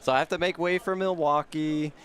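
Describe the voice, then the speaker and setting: A man's voice: on the high side, fairly even intonation, fairly quick, fairly bright tone. A man guest on a card game stream, chatting casually, joking and playfully trash-talking. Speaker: guest player. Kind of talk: casual chat on a livestream.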